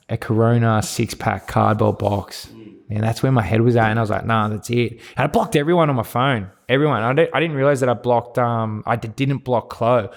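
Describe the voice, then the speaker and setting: Australian male guest, candid storyteller, rambling and frank, gravelly voice. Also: mid-range voice. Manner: rambling, frank, swears, many restarts. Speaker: podcast guest. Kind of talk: candid personal storytelling interview.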